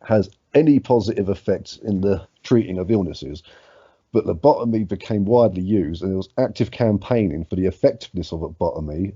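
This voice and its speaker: Low, dark, husky man co-hosting a casual podcast. Sweary and easygoing. Dry, dull sound. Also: dry recording. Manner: sweary, laid-back, reads facts aloud. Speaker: podcast co-host.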